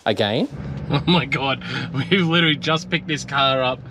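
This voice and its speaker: A man's voice: mid-range voice, normal speed, background noise. Jokey Australian man chatting on location. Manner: jokey, teasing, easygoing. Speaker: channel host. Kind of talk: casual on-location chat.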